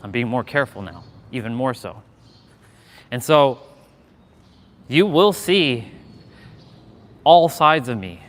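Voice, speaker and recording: In a mid-range voice, a man talks animatedly but slowly, leaving long pauses. He's strolling outdoors and live-streaming casually on a handheld gimbal camera. Candid and motivational, he swears frequently as he goes.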